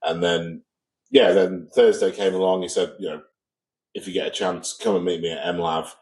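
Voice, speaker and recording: A man from England, co-hosting a podcast, spins a casual anecdote and acts out what others said. His voice is low and a little mellow, his tone steady, his speed normal, and the recording rough.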